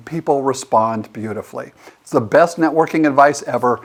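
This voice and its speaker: A middle-aged man giving a motivational lesson on networking, acting out both sides of the dialogue in an animated way. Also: mid-range voice, normal speed. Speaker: leadership teacher and host. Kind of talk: motivational talk.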